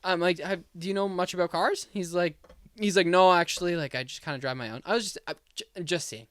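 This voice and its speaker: A young man on a podcast telling a long story, animated and acting out both sides of the conversation. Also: sits high, fairly quick, no echo, studio quality. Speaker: podcast co-host. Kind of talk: casual storytelling.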